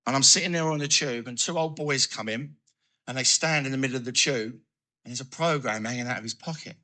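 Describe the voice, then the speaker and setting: A man giving a personal recovery testimony, telling his story in an animated way and acting out his own thoughts. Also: medium pitch, a little fast. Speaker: recovery speaker.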